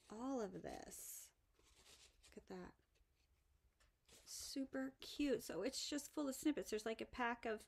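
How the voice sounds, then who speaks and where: A woman vlogging a craft haul in a casual show-and-tell style, gushing over each item and dropping to soft whispers. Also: on the high side, vocal fry.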